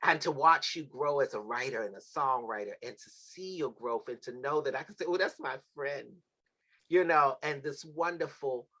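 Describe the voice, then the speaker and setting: A male talk show host closes the evening with flowing, sermon-like thanks. He blesses and praises each guest in turn, his voice at a middle pitch. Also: moderate pace, bright, forceful tone, low-quality recording. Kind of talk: heartfelt closing thanks on a livestream.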